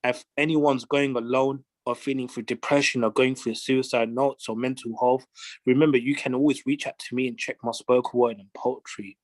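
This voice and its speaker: Earnest, halting male guest, dry sound. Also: medium pitch, steady tone, no room sound, low-quality recording. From London. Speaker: guest, spoken word artist.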